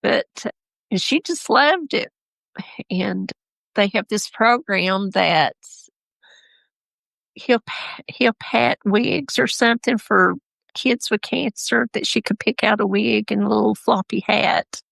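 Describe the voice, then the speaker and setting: A woman's voice: mid-range voice, slow, creaky, a bit bright, dry recording. A woman, a mother and podcast guest, telling a personal story in a rambling, heartfelt way with self-corrections.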